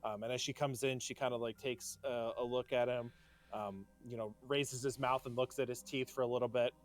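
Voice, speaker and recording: A man's voice: medium pitch, fairly even intonation, a little fast. Man narrating as game master. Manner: hesitant, many fillers.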